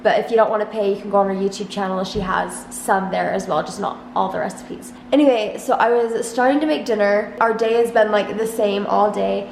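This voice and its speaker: A woman's voice: medium pitch, fairly even intonation, fairly quick, creaky, few pauses, a little mellow, roomy sound, slight background noise, poor audio. A young woman vlogging from her home kitchen, rambling in a casual chat full of "like". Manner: rambling, heavy use of "like". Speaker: vlogger and mother. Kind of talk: casual vlog talk to camera. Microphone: handheld vlog camera.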